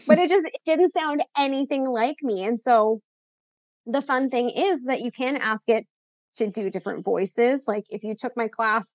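A chatty, upbeat woman with a slightly higher voice talks through content tips as an interview guest. Her tone is a bit sassy. The sound is dry and slightly dull. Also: moderate pace, no echo. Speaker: podcast guest, content coach. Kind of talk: casual interview chat.

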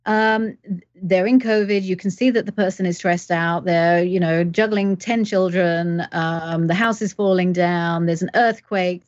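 Interview guest, female coach, mid-pitched voice, acts out sample dialogues, dry muffled audio. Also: a little mellow, no room sound. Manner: explains by acting out example dialogues. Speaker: guest expert, leadership coach. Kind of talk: conversational advice in an interview.

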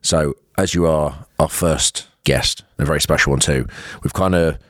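A man's voice: extremely low pitch, normal speed, fairly bright tone, no room sound, studio quality. A middle-aged man, co-host of a podcast, talking casually with a rambling manner and many fillers. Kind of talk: casual chat.

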